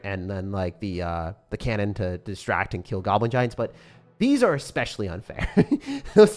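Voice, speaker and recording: Young guy chatting over his gameplay, rambly and hyped, voice bouncing up and down, quiet music underneath. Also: on the low side. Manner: excitable, rambling, swears casually, loud outbursts. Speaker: gaming YouTuber. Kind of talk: casual gameplay commentary.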